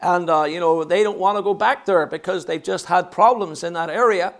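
A man's voice: sits high, brisk, vocal fry. A man with a Northern Irish accent preaching a sermon, swinging between ringing proclamation and chatty, joking asides.

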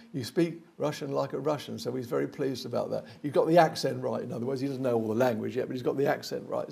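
A man's voice: a little high, creaky, dark tone, slightly rough. An older man preaching a sermon, earnest and digressive, with many fillers and restarts.

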